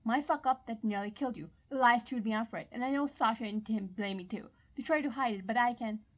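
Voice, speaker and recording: A woman's voice: a little high, fast talker, natural voice. A woman voicing a guilt-ridden young man who is breaking down in sobs, in a fan audiobook reading. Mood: sobbing.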